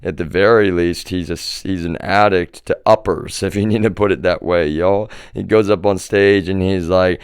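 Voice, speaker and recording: A man's voice: sits low, fairly even intonation, normal speed, few pauses, smooth, no echo, studio quality. A man livestreaming from home, delivering a profane, agitated monologue to his viewers and addressing them again and again as "y'all". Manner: profane, repeatedly says "y'all". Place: home residence.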